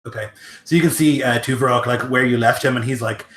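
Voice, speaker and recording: A man's voice: medium pitch, fairly even intonation, fast talker, fairly bright tone, reverberant. A man narrating as game master in a tabletop role-playing game, loose and full of fillers, describing combat in gory detail.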